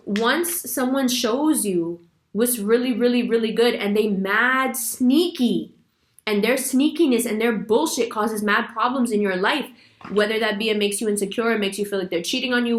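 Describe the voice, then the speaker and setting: Tarot lady talking straight, slangy and emphatic, laughs a lot, echoey room. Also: mid-range voice. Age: adult with a son. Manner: laughs often while talking. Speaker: tarot reader. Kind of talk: casual tarot reading monologue.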